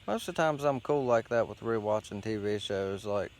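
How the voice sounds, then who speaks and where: A man's voice: fairly low pitch, expressive, moderate pace, a little mellow. A man hosting a show, rambling casually outdoors while sitting against a tree, with loose, profane, meandering talk full of fillers. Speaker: host.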